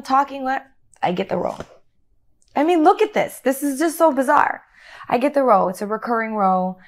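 A middle-aged actress in an interview, telling a story with lively acted-out dialogue and frequent laughter. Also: female voice, mid-range voice. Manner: animated, acts out quoted dialogue, laughs often. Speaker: actor guest.

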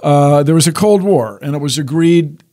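A man's voice: a little high, moderate pace, warm tone. An older man explaining science in a casual chat, wry and explanatory, often restarting sentences. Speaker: science guest.

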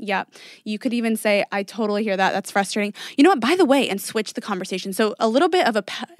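A woman's voice: mid-range voice, dry recording, clean studio sound. A woman hosting a podcast, giving chatty, encouraging advice with lots of fillers. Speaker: podcast host. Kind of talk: casual advice talk.

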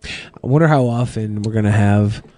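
A man's voice: on the low side, normal speed, dark tone, no room sound. A man co-hosting a podcast in casual chat, opinionated and full of "like" fillers. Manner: opinionated, filler-heavy, lots of "like". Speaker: podcast co-host.

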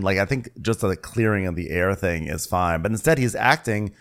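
A man with a lowish voice that still moves a lot in pitch, co-hosting a casual recap. He drops wry, joking asides as he goes. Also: expressive, moderate pace, few pauses, fairly bright tone. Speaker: podcast co-host.

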